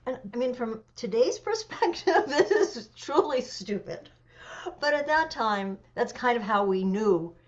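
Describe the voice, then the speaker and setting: A woman in her seventies, an interview guest telling a personal story with animation, pauses and fillers. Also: on the high side, expressive. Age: 70s. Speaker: interview guest, memoir author. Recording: dull lo-fi audio.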